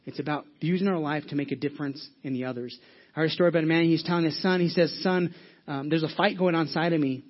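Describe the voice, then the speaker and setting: A man preaching a sermon as pastor, earnest and animated, asking the congregation rhetorical questions. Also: on the high side, fast talker, highs cut off.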